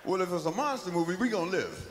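A man's voice: high-pitched, sing-song, quick pace. A man giving a live spoken-word comedy monologue, telling the story in a loose, profane, rhythmic way. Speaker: comic storyteller. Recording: live hall recording, faint noise.

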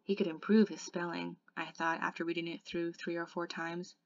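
A woman tutor reading a novel aloud in steady first-person narration. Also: fairly low pitch, normal speed, no echo, lo-fi sound.

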